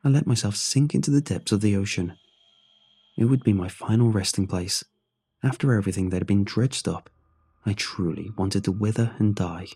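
Brief: low, dark-toned male narrator, husky, somber horror reading. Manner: somber, measured first-person telling. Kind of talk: scripted horror story narration.

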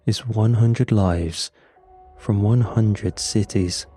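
A man voicing the grim male leader of a sinister club, who speaks flatly and slowly. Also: lowish voice, slightly rough, soft background music. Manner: flat, slow and measured.

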